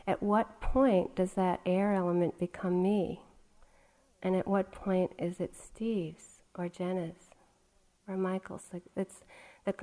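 A middle-aged woman teaching meditation in a gentle, conversational dharma talk, often saying "you know". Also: mid-range voice. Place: meditation retreat hall.

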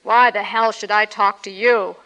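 Woman voicing a hollering, belligerent drunk workman, bright and sharp. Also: sits high, expressive, a little fast, pitched above the performer's own voice, full character voice, low-quality recording. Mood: angry shouting. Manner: roaring, hollering. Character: drunk, belligerent male laborer, big and enraged.

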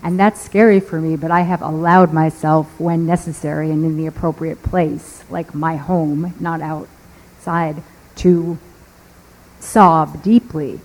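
A woman at a group sitting puts an earnest question to her teacher. Her voice sits a little low, and she searches for her words as she speaks. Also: fairly even intonation, unhurried, darkish tone, poor audio. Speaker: student.

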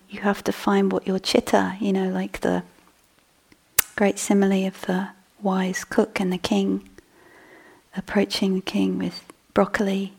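A woman meditation teacher giving a dharma talk in a soft, breathy voice that often drops to a whisper. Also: medium pitch. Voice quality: husky, gravelly. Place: meditation hall.

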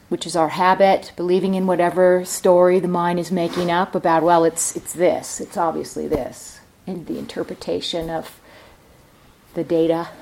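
A woman meditation teacher gives a morning dharma talk at a retreat center. Her voice sits a little low and she takes her time, letting each thought unfold unhurriedly. She sounds reflective, as if working the ideas out aloud. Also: a little mellow.

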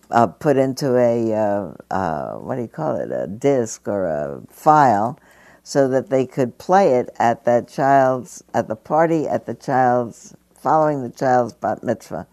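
A woman past seventy gives a dharma talk, telling stories in an easy conversational way and chuckling often. Her voice sits very low with a gravelly fry. The sound is dry, with little room around it. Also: dark tone, dry recording. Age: over 70. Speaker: meditation teacher. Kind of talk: dharma talk to a live audience. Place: meditation hall.

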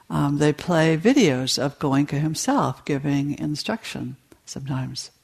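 A woman meditation teacher giving a dharma talk to retreat participants, in a slow, storytelling delivery. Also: low voice, creaky, a little mellow.

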